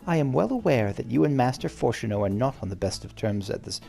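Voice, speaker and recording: Man voicing a refined noblewoman mother, sassy, game dialogue read aloud, gravelly, faint music behind. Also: medium pitch, very animated, fast, dark tone. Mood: gracious. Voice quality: gruff, put-on refined tone.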